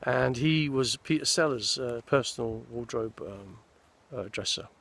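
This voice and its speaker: This man's mid-range voice is creaky and fairly bright, and he speaks a little slowly. A sixties-aged actor, he rambles casually through film-career stories in a forest, meandering and starting over along the way.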